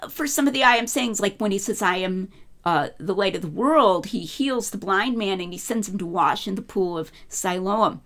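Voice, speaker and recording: A woman's voice: mid-range voice, fairly bright tone. A middle-aged woman giving an informal scholarly lecture, talking in a conversational way with frequent fillers and restarts.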